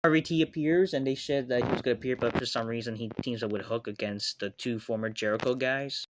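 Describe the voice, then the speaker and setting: A man's voice: medium pitch, quick pace, background noise. A man reviewing a wrestling show in a casual, profane rant, sarcastic and dismissive, rambling with lots of fillers. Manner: loose and rambling, with many fillers like "like".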